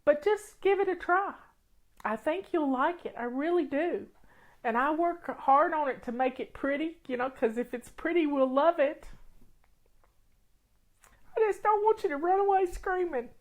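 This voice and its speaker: A woman's voice: sits high, animated, normal speed. Tearful woman chatting on a livestream. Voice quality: emotional, sniffly, tearful. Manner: rambling, warm, frequent restarts and laughs. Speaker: livestream host. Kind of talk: casual livestream chat reading comments.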